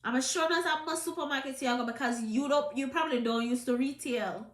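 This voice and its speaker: High-pitched scolding Jamaican woman. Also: fairly quick, roomy sound. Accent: Jamaican, with some British. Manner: scolding, emphatic patois rant. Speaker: vlogger. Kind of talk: opinion commentary to camera.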